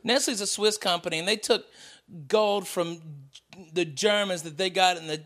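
A man's voice: high voice, moderate pace, fairly bright tone. A man with a Southern US accent in casual comedic podcast chat, profane and ranting. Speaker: podcast co-host.

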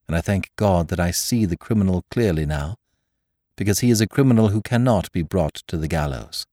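A man voicing an excitable, nervous young curate who talks in trembling, feverish agitation. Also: sits low, a little fast, no echo, clean studio sound. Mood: unsteady.

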